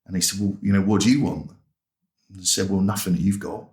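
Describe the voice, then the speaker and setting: Talking fast in a low, darkish voice with fairly even intonation, an English chaplain is heard in an echoey room. He's an interview guest relating his personal testimony as a story, plain-spoken and colloquial, with remembered dialogue acted out.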